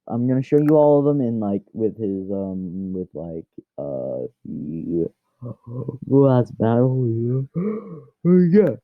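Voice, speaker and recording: A man's voice: medium pitch, dry recording. A man rambles through a fan story in casual, off-the-cuff talk, full of fillers and restarts. His voice sits mid-range and is recorded close and dry on a dull, lo-fi mic.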